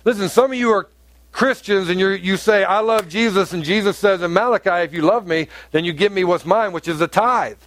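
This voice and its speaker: Brief: male pastor, high voice, lively sermon delivery, dry close sound. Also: brisk, dry recording. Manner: animated preaching, rising to emphatic peaks.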